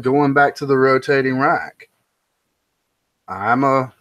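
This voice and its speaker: A man's voice: mid-range voice, takes it slowly, a bit bright. A man giving an opinionated, rambling monologue, emphatic and prone to ranting. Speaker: pop culture commentator.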